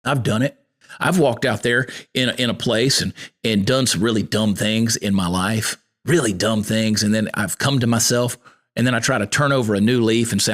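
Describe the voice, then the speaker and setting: A man's voice: on the low side, fairly even intonation, normal speed, a bit bright. A man hosting a podcast, giving a folksy, preacherly motivational talk that quotes scripture. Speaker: podcast host.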